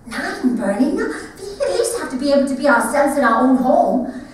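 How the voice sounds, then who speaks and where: A stubborn, warm mother with a German accent, played by a woman in a one-woman stage show. She talks high and lively with big swings of pitch. The sound is echoey and distant, caught from far off in a theater. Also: moderate pace. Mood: exasperated.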